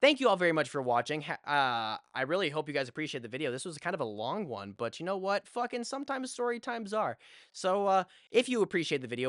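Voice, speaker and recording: A man's voice: fairly high pitch, sing-song, quick pace, a bit bright, no echo, clean studio sound. A young man telling a story to his vlog audience in a casual, rambling way, swearing freely. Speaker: vlogger. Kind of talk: story time.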